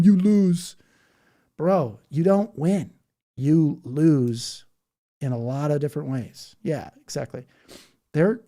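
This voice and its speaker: A man talks on a live stream, reading viewers' comments and answering them head-on. His voice is dark and mellow, but his manner is blunt and combative. He leans on "dude" and "bro" and now and then mocks people with put-on voices. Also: a little high. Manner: blunt and argumentative, slips into mocking voices; says "bro" and "dude" a lot. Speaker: livestreamer reading chat. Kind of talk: casual live-stream chat.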